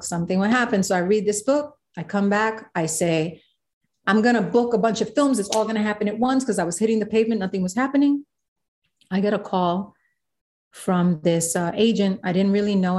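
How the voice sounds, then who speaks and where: A woman, a guest in an interview, telling a story with animated quoted voices. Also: medium pitch. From South Bronx, New York. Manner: animated, acts out quotes of others.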